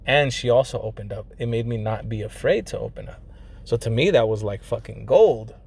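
A man's voice: medium pitch, expressive, fairly quick, vocal fry, darkish tone, slightly rough. A young man casually telling a personal story, profane and slangy, full of fillers like "like" and "you know," dropping in bits of Spanish. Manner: drops Spanish phrases into English.

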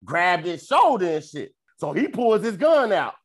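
A young man telling a long story on a podcast, profane and animated, jumping into loud high voices when he quotes people. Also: measured pace, breathy edge. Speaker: podcast co-host. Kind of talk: casual storytelling chat.

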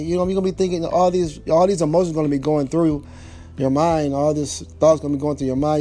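A man with a mellow, rather high voice gives casual relationship advice directly to the listener. He talks informally, using double negatives and repeating his points with emphasis.

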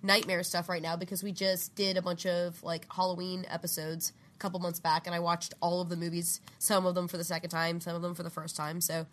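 A woman's voice: fairly low pitch, level tone, brisk, few pauses, fairly bright tone. Podcast co-host lady, playful, laughs easy, chatty about movies. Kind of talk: casual podcast chat.

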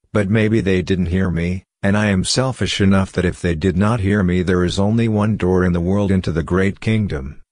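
Deep-voiced man giving a spiritual lecture. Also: a little mellow, no echo, clean studio sound. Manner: emphatic, with repeated rhetorical questions.

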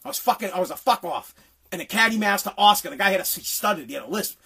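A man ranting angrily, swearing constantly and often breaking into shouts. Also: high-pitched, animated, fast, slight background noise. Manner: profane, heated, often shouting. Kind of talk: angry political rant.

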